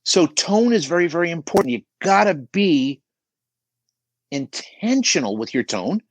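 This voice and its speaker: A man's voice: fairly high pitch, sing-song, a little slow, no echo. A middle-aged man giving emphatic coaching advice on a podcast, often checking in with "right?". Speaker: business coach guest.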